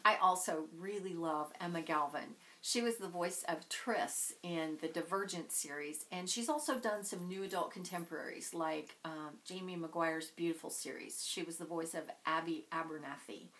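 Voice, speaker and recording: A woman's voice: fairly low pitch, normal speed, hardly any pauses, bright, forceful tone, poor audio. A woman vlogger chatting casually and enthusiastically about books she loves. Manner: gushing, enthusiastic. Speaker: book vlogger. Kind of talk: casual chat.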